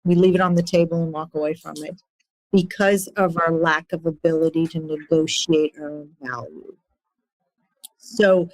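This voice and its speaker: Woman, 40s, podcast guest coach; earnest, grows animated in anecdotes; lowish voice, dry mic. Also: no echo. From immigrant to the United States. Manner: earnest, animated when retelling stories. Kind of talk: podcast interview, storytelling.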